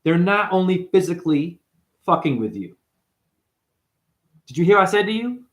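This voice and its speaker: A man's voice: high voice, big pitch swings, normal speed. A man giving an intense, profane spiritual sermon to camera, firing rhetorical questions at the viewer. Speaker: spiritual teacher. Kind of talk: unscripted preaching monologue.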